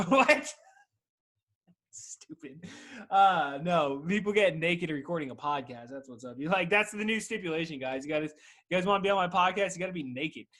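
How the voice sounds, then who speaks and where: A man's voice: on the high side, animated, normal speed, fairly bright tone. A young man hosting a podcast, rambling casually with lots of swearing and "dude". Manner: rambling, profane, says "dude" constantly. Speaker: podcast host. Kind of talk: casual chat.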